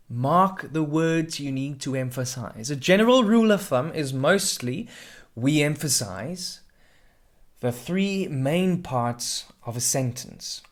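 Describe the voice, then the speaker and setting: A man who works as a drama adjudicator and mentor gives a scripted tutorial on preparing a performance. He speaks clearly and expressively and shows pitch, pauses and volume with his own voice.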